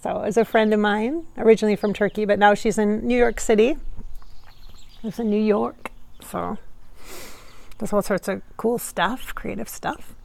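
A woman's voice: medium pitch, fairly even intonation, moderate pace, vocal fry, long pauses. A woman working as a psychic medium, chatting casually to camera and reading out viewer comments in a rambling, laugh-prone way. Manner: chatty and rambling, many fillers, laughs often. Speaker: psychic medium channeling a spirit.

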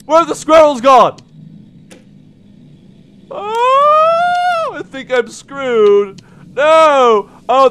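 Brief: manic high-voiced male puppet, slow and drawn out between screams, jittery game commentary. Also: slight background noise, exaggerated voice. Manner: shrieking and yelling, then sudden mumbles. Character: shrill frantic male puppet, jumpy and easily rattled. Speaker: let's play commentator.

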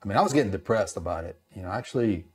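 This lowish, racing male voice belongs to a middle-aged man from East Los Angeles who served in the Navy. Spinning casual stories full of fillers, he animatedly performs the voices of the characters he quotes.

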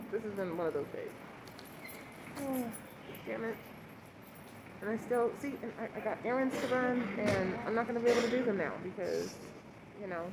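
Rambling woman vlogging in the wind. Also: mid-range voice. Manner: rambling and chatty, with frequent sighs. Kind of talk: casual vlog chat to camera. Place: outdoors in strong wind, waiting for a cab.

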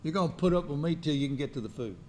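High-voiced folksy preacher man. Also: lively intonation, racing, slight background noise. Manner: folksy, joking, quizzes the congregation. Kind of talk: sermon. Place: church.

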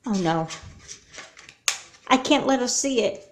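A woman voicing a young girl doll character who is obsessed with her laptop, in a home-made doll movie, her voice shooting high and loud when she panics. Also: expressive, takes it slowly, slight background noise. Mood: panicked.

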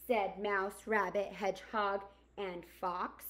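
A woman teacher reading a picture book aloud to young children, expressive and asking her listeners questions. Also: a little high, takes it slowly. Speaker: kindergarten teacher. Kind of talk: storybook read-aloud for children.

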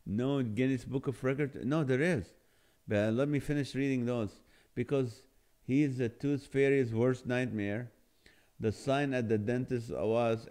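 A man's voice: fairly low pitch, darkish tone. A middle-aged man hosting a live stream, reading viewer comments aloud in casual chat and laughing often at the jokes. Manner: laughs often, jokey and playful. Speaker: live show host.

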